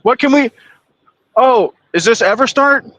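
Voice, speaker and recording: A man's voice: very high-pitched, expressive, measured pace, a bit bright, no echo, lo-fi sound. A man calling in to a talk show, speaking casually and explaining things plainly with some swearing. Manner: casual, profane, explains practically. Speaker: caller. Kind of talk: casual chat.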